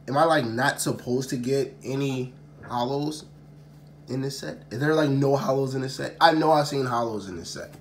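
A man's voice: mid-range voice, moderate pace. Exasperated man chatting to camera. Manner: sighing, exasperated, repeats himself. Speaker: card-opening video host. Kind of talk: casual unscripted chat to camera. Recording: crinkling packaging noise throughout.

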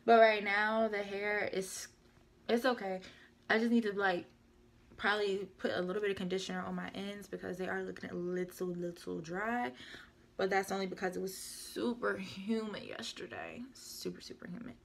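Chatty young woman with a gravelly edge. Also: medium pitch, fairly even intonation, moderate pace. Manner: rambling, chatty, self-correcting. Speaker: beauty vlogger. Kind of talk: casual product review chat.

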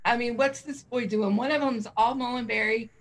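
Chatty middle-aged lady on a livestream, kinda high voice, laughs a lot, goes off track. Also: fairly even intonation, normal speed. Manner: rambling, laughs often, easily sidetracked. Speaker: co-host of a vaping livestream. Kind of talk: casual livestream chat.

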